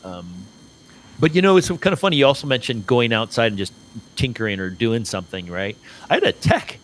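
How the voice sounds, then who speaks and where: A man's voice: mid-range voice, sing-song, fairly quick, poor audio. A man from Arizona co-hosting a podcast in casual conversation, chatty and swearing, tagging "right?" onto his points. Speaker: podcast co-host.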